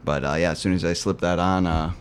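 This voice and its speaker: A man's voice: deep voice, fairly even intonation, fairly quick, slight background noise. A man player describing his character's actions in an easygoing, joking way.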